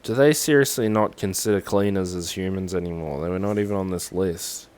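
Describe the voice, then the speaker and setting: A man's voice: low-pitched, fairly quick, a little mellow. A young Australian man with an Australian accent, rambling sarcastically and swearing as he talks through a form on a casual livestream.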